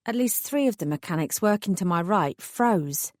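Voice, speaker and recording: A woman reading a first-person audiobook in a measured, wry voice. Her pitch sits in a middle range, and the recording is dry and close with no room sound. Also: animated, no echo. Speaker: audiobook narrator.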